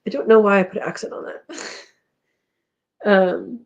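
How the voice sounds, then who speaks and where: A woman's voice: mid-range voice, a little slow, dull audio. A woman hosting a homesteading live chat, casually reading viewer comments aloud and rambling with frequent laughs.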